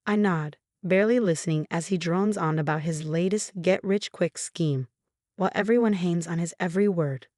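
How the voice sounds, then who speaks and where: Low-voiced woman narrating a story. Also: moderate pace, a little mellow, dry recording, studio quality. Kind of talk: scripted first-person story narration.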